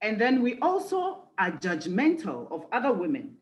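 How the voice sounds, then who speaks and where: A woman's voice: mid-range voice, huge pitch swings, moderate pace, echoey room, muffled recording. Woman speaker for a conference talk, mid-range voice, earnest and reflective, leans on key phrases. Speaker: executive life coach and speaker.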